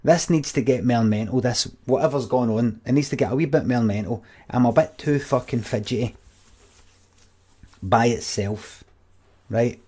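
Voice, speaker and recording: A man's voice: medium pitch, normal speed, warm tone, husky. Sweary rambling Scottish man. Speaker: streamer. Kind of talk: casual storytelling to viewers.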